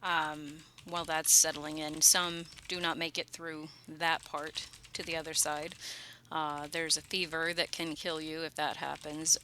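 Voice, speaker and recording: A woman at a tabletop game, explaining rules in a relaxed, halting way during casual chat. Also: sits low, a little hiss or hum.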